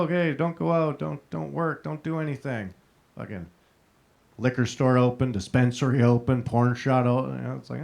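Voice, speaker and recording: A man's voice: mid-range voice, gravelly. A man doing a crude, conversational stand-up comedy set in a comedy showroom, talking straight to the crowd. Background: audience laughter.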